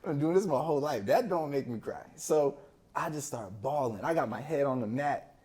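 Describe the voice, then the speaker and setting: A man, a podcast guest, telling a personal story in a casual, slangy, animated way and acting out the voices of people he quotes. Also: on the high side, fairly quick.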